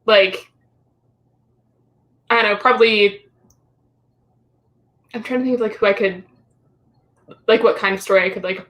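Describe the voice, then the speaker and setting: A young woman in casual conversation who pauses often and keeps searching for the right words. Her talk is loose and unhurried in its phrasing. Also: mid-range voice, steady tone, fairly bright tone. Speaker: guest, college friend. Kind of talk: casual chat.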